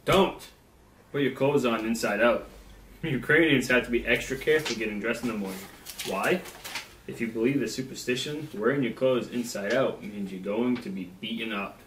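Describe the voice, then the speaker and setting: Reading out trivia while co-hosting a snack review, a young man keeps things light and jokey. He talks a little fast in a medium, slightly bright voice; the echoey room, distant mic, and faint hiss or hum color the recording.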